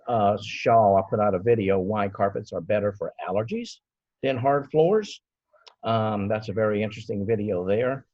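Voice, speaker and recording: A man in his fifties pitching his restoration business in a confident, lecturing way. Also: darkish tone, slightly rough, no room sound. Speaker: cleaning and restoration business owner. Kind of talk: business pitch on a video call. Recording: dull, dry video call audio.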